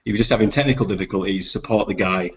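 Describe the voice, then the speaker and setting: A man's voice: fairly low pitch, racing, fairly bright tone. Stammering Yorkshire man on a lo-fi call. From England. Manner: stammering, joking. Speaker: hangout guest. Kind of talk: casual group video call. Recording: dull lo-fi web call audio.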